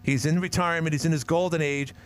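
A middle-aged man hosting a call-in radio show, jovial and quick to laugh. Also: on the high side, steady tone, smooth. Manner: jovial, laughs often, interrupts. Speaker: radio talk show host.

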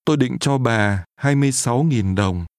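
Clear male phrase model, careful diction. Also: medium pitch, a little fast, no room sound, studio quality. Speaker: native-speaker model in a language course.

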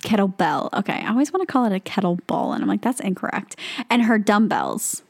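Young woman rambling on a podcast, lots of um and like, mid-pitched voice. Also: sing-song, fast talker. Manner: chatty, filler-heavy, lots of "like" and "um". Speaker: podcast co-host. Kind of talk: casual chat.

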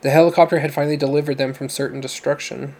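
A man reading a novel aloud as narrator, in a steady, even storytelling manner. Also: fairly high pitch, fast talker, rough recording. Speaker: audiobook narrator.

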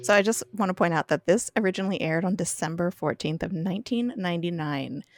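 A woman's voice: lowish voice, fast talker, soft background music. A woman guesting on a casual podcast, friendly and giggly as she chats.

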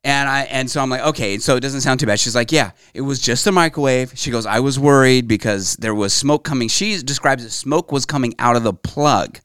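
A man's voice: mid-range voice, a little fast, hardly any pauses, fairly bright tone, clean tone, no room sound, studio quality. A man co-hosting a casual podcast, telling a story at length with many fillers and restarts. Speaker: podcast co-host. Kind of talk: casual chat.

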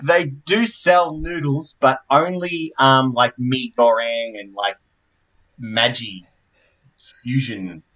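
A man's voice: mid-range voice, steady tone, slow, fairly bright tone, muffled recording. A man hosting a casual group chat, rambling with fillers.

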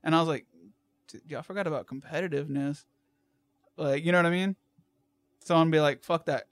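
Man, casual chat, rambling, hesitant, lots of fillers, a bit higher pitch. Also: a little fast, dry recording.

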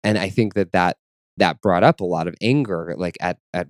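A man talking openly about his feelings in a relaxed chat, earnest and searching, with many fillers and restarts. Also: low voice, moderate pace, no echo, clean studio sound. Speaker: guest. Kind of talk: reflective personal chat.

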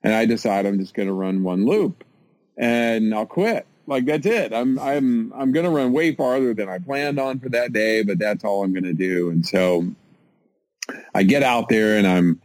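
A man's voice: on the low side, moderate pace, a little mellow, no room sound, low-quality recording. An American man telling a story in an interview, casual and self-mocking, with lots of fillers and restarts. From United States.

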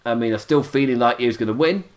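A man's voice: mid-range voice, fast talker. A tired man hosting a casual podcast, chatty and laughing often, his voice wearing out. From United Kingdom. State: tired, voice going. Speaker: podcast host reviewing wrestling. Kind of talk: casual chat.

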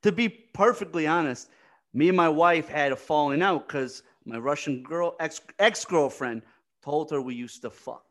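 A man's voice: a little high, normal speed, fairly bright tone, close to an everyday voice. A crude middle-aged mob boss, read by a man close to his own voice. He talks casually and coarsely, like an amateur sketch read.

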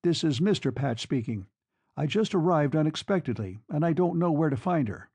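A man's voice: a little high, expressive, normal speed, mellow, slightly rough, no echo. A man voicing an agitated young husband who has just come home and is searching for his wife. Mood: anxious. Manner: anxious, rising to emotional outbursts.

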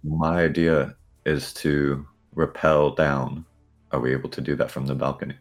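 A man's voice: extremely low pitch, level tone, moderate pace, soft background music. A man playing a tabletop game, laying out plans and asking questions. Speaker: player.

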